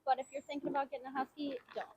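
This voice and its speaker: A woman's voice: high-pitched, level tone, racing, a little mellow, slight background noise. A young woman from Michigan, co-hosting a casual chat outdoors by a fire, tossing out teasing wisecracks. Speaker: podcast co-host. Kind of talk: casual group banter.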